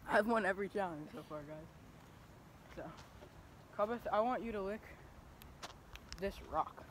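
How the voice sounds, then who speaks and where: A high-pitched young guy hosts a casual trampoline challenge vlog outdoors, upbeat and playful as he talks to his viewers. He sounds tired and a little winded, and loud outdoor noise sits under the whole handheld camera recording. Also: unhurried. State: tired, out of breath. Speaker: vlogger.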